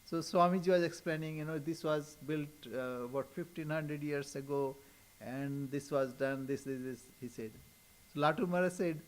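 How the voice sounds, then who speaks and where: An older man with an Indian accent, a swami answering questions in a gentle, unhurried talk with frequent soft chuckles. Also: a little high, steady tone. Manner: slow, gentle, chuckling often. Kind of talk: informal spiritual talk with questions.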